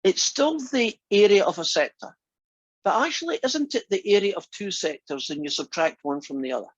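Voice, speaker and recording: A high, expressive male voice at normal speed belongs to a math instructor giving a classroom lecture. He's chatty and teasing, often asking the students questions, and the recording is dull and lo-fi.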